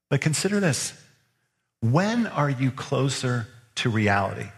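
A man's voice: medium pitch, big pitch swings, unhurried. Man, pastor, sermon, earnest, probing rhetorical questions, long hall echo. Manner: earnest, presses listeners with repeated questions. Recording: long reverb of a large hall.

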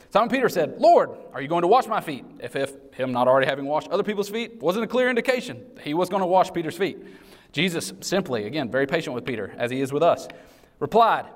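A male pastor preaches in a loose, talky manner, dropping casual asides and acting out the lines he quotes. His mid-pitched voice rings out with a long reverb, as from a large hall. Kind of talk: sermon.

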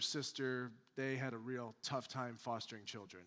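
A man's voice: medium pitch, fairly even intonation, normal speed. Man preaching in a reverberant hall. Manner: swings from loud emphatic preaching to quiet mimicking asides. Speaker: pastor. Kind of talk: sermon.

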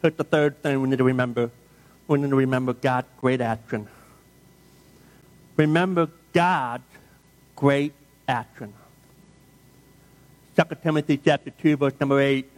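A man's voice: mid-range voice, steady tone, unhurried, pauses often. A middle-aged man preaching a sermon, shifting into conversational, humorous storytelling and asking the congregation questions. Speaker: pastor.

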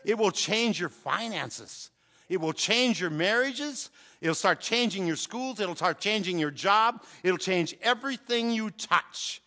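A man's voice: high voice, lively intonation, a little slow, sharp tone. An older man preaching a sermon to a congregation, calling out to them with rising fervor. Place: church hall with congregation. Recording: long hall reverb.

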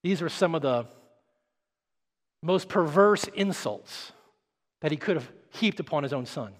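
A male pastor preaching a sermon with dramatic swings between hushed, quiet passages and loud, emphatic ones. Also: a little high, animated, measured pace, long reverb tail. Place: church.

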